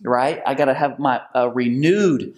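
A pastor giving an energetic, excited sermon. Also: male voice, medium pitch, unhurried.

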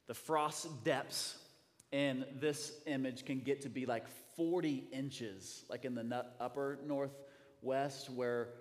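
Pastor preaching in a reverberant hall. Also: male voice, mid-range voice, fairly even intonation, takes it slowly. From US Midwest. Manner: conversational, then builds to fervent preaching. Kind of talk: sermon.

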